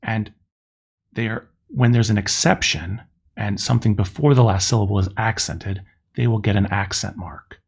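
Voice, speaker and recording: A middle-aged man teaching a recorded lesson, explaining step by step and spelling out sounds slowly. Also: fairly low pitch, gravelly, husky. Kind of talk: recorded classroom lecture.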